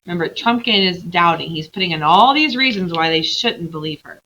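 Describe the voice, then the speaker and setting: A woman's voice: on the low side, expressive, a little fast, bright, forceful tone, highs cut off. A woman teacher reading a novel aloud to her class and explaining it to the pupils as she goes.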